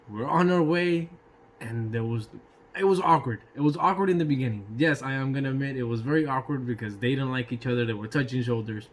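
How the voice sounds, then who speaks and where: A man telling a casual personal anecdote in an animated way, swearing freely and throwing in sound effects. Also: mid-range voice, fairly quick. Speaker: storyteller.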